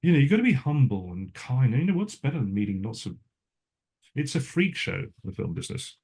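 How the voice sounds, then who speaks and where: A man's voice: medium pitch, sing-song, a little fast, a little mellow, husky. An older man, a cinematographer, telling stories in a casual interview, rambling and restarting himself often. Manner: rambling, self-interrupting storyteller; frequent restarts and asides.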